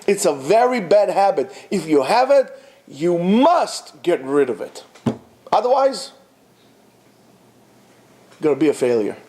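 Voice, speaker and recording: A high-voiced man preaches to his students in an informal Torah talk. His pitch swoops all over as he urges and scolds, sprinkling in Hebrew words. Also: unhurried, pauses often. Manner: animated and exhortative, mixing Hebrew terms, swooping pitch. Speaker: rabbi teaching at a yeshiva.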